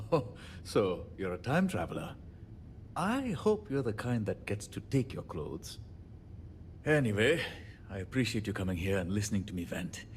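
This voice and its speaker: Cranky handyman, video game dialogue, lowish voice, wry and joking. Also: big pitch swings, normal speed, slight background noise. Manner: wry, joking, self-deprecating. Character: irritable self-deprecating male handyman, joking.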